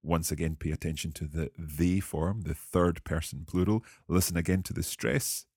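A man hosting a language-learning podcast, explaining grammar in a clear, measured teaching manner. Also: sits low, fairly even intonation, darkish tone, no echo, studio quality.

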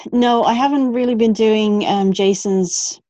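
A woman in casual chat on a group call, chatty and quick to swear, laughing at herself. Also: mid-range voice, mellow, slight background noise. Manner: chatty, swears freely, self-deprecating. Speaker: group member in online call.

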